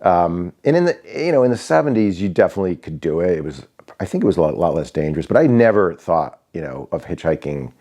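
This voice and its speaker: A man's voice: low-pitched, sing-song, quick pace, dark tone. A man in his sixties from Connecticut, telling stories casually with many fillers and restarts. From Connecticut, USA. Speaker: vlogger. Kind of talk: casual storytelling.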